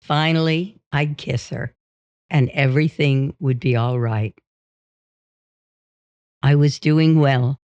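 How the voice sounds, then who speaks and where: A woman reads a memoir in the first person, slow and steady. The recording is dull and dry, with no room sound. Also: extremely low pitch, no room sound. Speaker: audiobook reader. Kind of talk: memoir reading.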